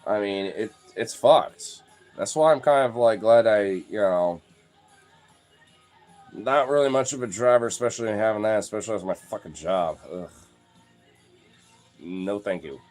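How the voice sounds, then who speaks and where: A man's voice: on the low side, measured pace, pauses often, a little mellow, soft background music. A young man telling stories casually, rambling, swearing a lot and filling his talk with "like.". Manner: rambling, profane, many "like" fillers. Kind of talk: casual storytelling.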